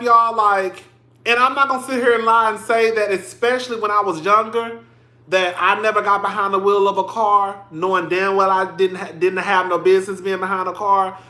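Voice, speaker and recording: A man with a high, bright voice hosts a casual livestream commentary at an unhurried pace, chatty and emotional, even tearing up as he calls his listeners "girl" and "y'all." The audio rings slightly, like a small bare room, giving it a roomy sound.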